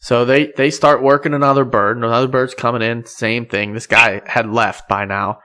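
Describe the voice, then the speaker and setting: A man's voice: medium pitch, fairly even intonation, normal speed, pushed and bright. A man hosting a podcast in easy casual chat, agreeing and laughing along with his guest. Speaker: podcast host.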